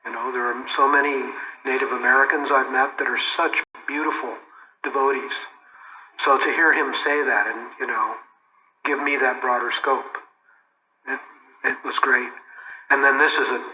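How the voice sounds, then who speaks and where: Older man, relaxed storyteller, loose restarts, medium pitch, dull roomy recording. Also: slight background noise. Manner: unhurried, warm anecdotes with frequent restarts and "you know". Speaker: interview guest recalling memories.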